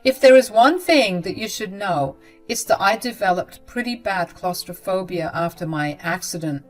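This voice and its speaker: A woman narrating a first-person story in a subdued, earnest way. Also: on the low side.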